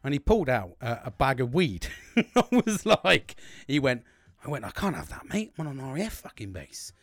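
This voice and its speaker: Animated swearing British man telling dream stories. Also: mid-range voice, moderate pace, no echo, studio quality. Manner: swears constantly, laughs through his own story. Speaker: host recounting his dreams. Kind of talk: casual storytelling monologue.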